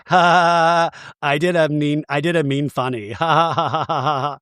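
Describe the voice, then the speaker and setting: A man hosting a podcast, giving a comedic TV recap in an animated, giggly way and acting out quotes in funny voices. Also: on the high side, moderate pace, smooth, dry recording, studio quality. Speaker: podcast host.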